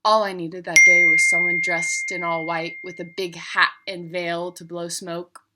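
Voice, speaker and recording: Young woman, bright tone, personal story narration, reflective and measured. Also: lowish voice, flat delivery, slight background noise.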